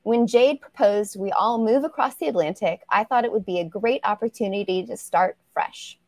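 A woman's voice: medium pitch, moderate pace, darkish tone, no room sound. Woman author reading her novel aloud. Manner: casual, laughs easily between lines. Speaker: romance author, guest.

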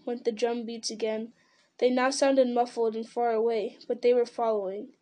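A woman's voice: a little high, steady tone, normal speed, dark tone. A woman reading a fantasy novel aloud in dramatic storytelling style, with occasional slips and restarts. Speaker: reader.

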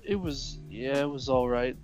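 A man from Texas, a podcast guest, talking casually and haltingly about games. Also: medium pitch, a little mellow, soft background music.

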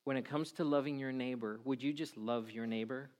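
A middle-aged man preaching a sermon in a church, telling stories with lively acted-out voices. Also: medium pitch, a little fast. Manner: animated storytelling with acted-out voices. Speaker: pastor.

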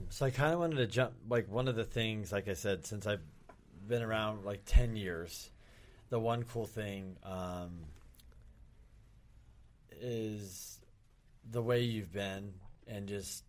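A man's voice: fairly low pitch, takes it slowly, pauses often. A man hosting a podcast, asking questions casually and hesitantly with fillers. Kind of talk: casual interview.

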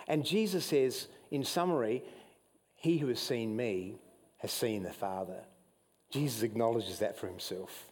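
An Australian man preaching a sermon as pastor, telling Bible stories with mounting excitement and some emotion. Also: a little slow, big-room sound. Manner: animated storytelling preacher, rising pitch when excited, admits getting emotional. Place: church hall.

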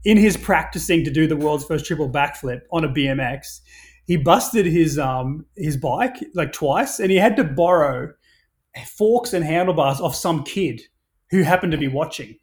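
A man telling stories in a casual podcast chat, energetic, swearing freely and restarting often. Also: a little high, normal speed.

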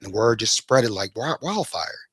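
A man, a podcast host telling stories as a guest, lively and acting out the people he quotes. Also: fairly quick, breathy edge, no room sound, clean studio sound. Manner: animated, acts out quoted people with big pitch jumps. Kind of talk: casual storytelling in an interview.

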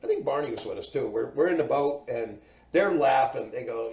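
A man's voice: mid-range voice, normal speed. A man talking as a podcast guest and telling a long anecdote in a loose, casual way, acting out the voices of the people in it. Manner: animated, acts out quoted voices. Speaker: podcast guest, business owner. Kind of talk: casual storytelling. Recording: roomy sound, distant mic.

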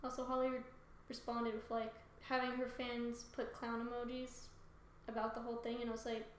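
A young woman co-hosting a podcast in casual chat, animated and joking, swearing freely. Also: fairly high pitch, a little fast, a little hiss or hum. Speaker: podcast co-host. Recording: echoey room.

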